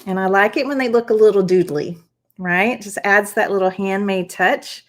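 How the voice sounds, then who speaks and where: A woman running a live craft stream talks viewers through each step as she demonstrates, keeping it chatty and encouraging. Her voice is mid-range and she speaks at a normal speed.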